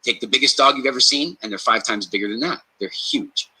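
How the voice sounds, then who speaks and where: Podcast man, emphatic and punchy, very bright tone with a husky edge. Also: mid-range voice, a little fast, rough recording. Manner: emphatic, repeats key phrases for stress; storytelling, acts out quoted reactions. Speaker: podcast speaker giving health advice. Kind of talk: energetic conversational podcast talk.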